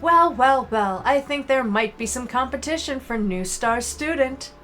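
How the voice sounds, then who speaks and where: A woman's voice: high voice, animated, a little slow, fairly bright tone, soft background music, voice pushed up. A woman voicing a strict, pompous male talking dog professor who lectures his students. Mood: smug. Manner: stern, lecturing.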